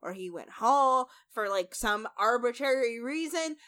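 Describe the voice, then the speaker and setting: A woman's voice: a little high, lively intonation, unhurried, fairly bright tone, clean tone. A woman co-hosting a podcast, chatting casually and emphatically about a reality show, swearing freely. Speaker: podcast co-host.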